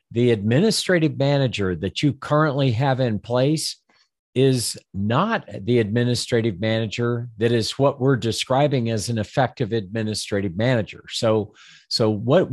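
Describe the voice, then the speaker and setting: A man's voice: mid-range voice, no room sound, studio quality. An older man coaching financial advisors in a rambling instructional talk, often repeating words and acting out the listener's objections.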